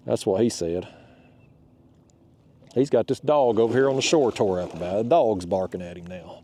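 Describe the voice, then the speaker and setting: A man's voice: on the low side, expressive, moderate pace, long pauses, dark tone, slight background noise. A man hosting a fishing vlog from a kayak outdoors. He talks in a folksy, chatty way and speaks to the fish while recorded on a boat-mounted camera. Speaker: kayak fishing channel host. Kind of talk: casual on-the-water vlog talk.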